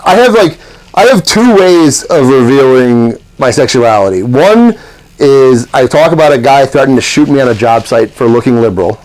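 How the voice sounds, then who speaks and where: A man's voice: mid-range voice, animated, moderate pace, a little mellow, poor audio. A man telling stories as a comedy podcast guest, laughing often and swearing freely. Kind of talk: casual podcast chat.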